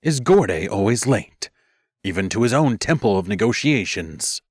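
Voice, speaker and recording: A man's voice: lowish voice, sing-song, moderate pace, no echo, studio quality. A man voicing a fierce woman who leads the animal mages, growling and scoffing. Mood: irritated.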